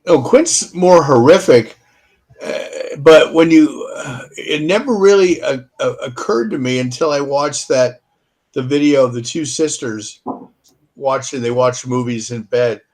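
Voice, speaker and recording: A man co-hosting a casual fan podcast, easygoing and agreeable, halting with fillers. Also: medium pitch, darkish tone. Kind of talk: casual chat.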